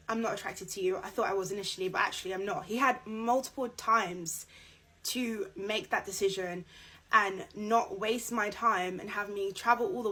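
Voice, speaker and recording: A woman's voice: mid-range voice, fairly bright tone, breathy edge, poor audio. A woman in her twenties talking frankly to her followers in a casual rant. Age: 20s.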